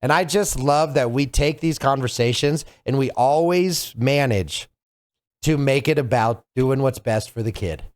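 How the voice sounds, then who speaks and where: A man's voice: medium pitch, a little slow. A man hosting a casual podcast, talking earnestly and reflectively, giving heartfelt advice over a video call. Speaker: podcast host.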